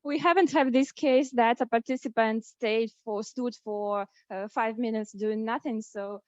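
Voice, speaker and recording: Halting high-voiced woman chairing a contest. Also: fairly even intonation, no room sound. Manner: halting, many fillers and restarts. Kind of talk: hesitant meeting chairing. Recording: dull lo-fi sound.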